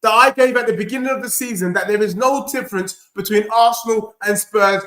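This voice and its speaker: A man reacting live to a football match as a fan streamer, excitable and shouting, his voice going hoarse. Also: sits high, fairly quick, echoey room. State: losing his voice.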